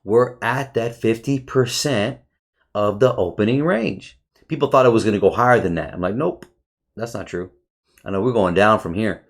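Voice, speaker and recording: Brief: lower-voiced man, excitable trading teacher, swears freely and calls his viewers bro. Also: normal speed. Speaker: trading educator. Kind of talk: casual screen-share chart review.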